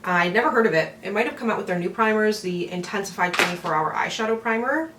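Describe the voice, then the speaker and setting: A woman's voice: medium pitch, lively intonation, quick pace, far from the mic. A woman chatting in a giggly, rambling way as she does her makeup at home. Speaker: beauty vlogger. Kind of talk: get-ready-with-me makeup chat. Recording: roomy echo, from off the mic, faint room hum.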